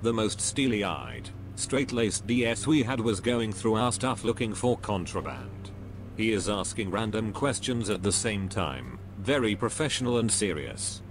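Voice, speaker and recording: A man reading out anecdotes as a narrator, with an expressive storytelling delivery. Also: fairly low pitch, a little slow. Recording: steady hum under the voice.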